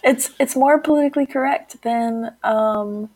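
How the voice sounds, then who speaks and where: A woman's voice: a little high, unhurried, darkish tone, dry recording. Chatty woman from Texas, laughing. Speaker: podcast co-host. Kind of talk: casual chat.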